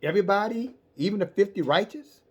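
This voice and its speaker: A man's voice: high-pitched, lively intonation, fairly quick, slightly rough, pitched above the performer's own voice. A man voicing the biblical Abraham as a streetwise, profane old man who bargains and pleads. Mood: pleading.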